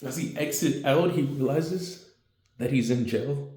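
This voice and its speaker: A man narrates a homemade fan story in loose, slangy fashion, stumbling through fillers. His voice is dark and mellow, and the room sounds echoey. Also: medium pitch, a little slow. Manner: rambling and slangy, many fillers.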